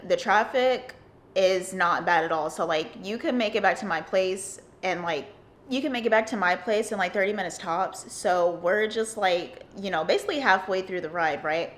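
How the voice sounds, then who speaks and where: A woman's voice: medium pitch, normal speed, fairly bright tone. A young woman, telling a casual storytime with lots of fillers and restarts. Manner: rambling, filler-heavy, with frequent "like". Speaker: vlogger.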